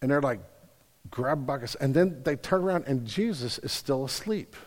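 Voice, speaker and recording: A young adult man preaching a sermon, telling a story with big swings between loud and hushed. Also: medium pitch, lively intonation, moderate pace, in a large hall. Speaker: pastor.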